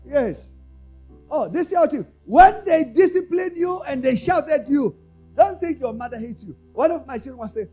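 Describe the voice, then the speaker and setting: A man preaching a sermon with a high, lively voice that climbs and falls across a wide range. His tone is mellow rather than sharp. He moves between hushed asides and raised calls to the congregation over faint music. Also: moderate pace, husky, poor audio. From South Africa. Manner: call-and-response preaching, asks the congregation to repeat lines; swings from quiet, low asides to loud, raised exhortation. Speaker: apostle preaching.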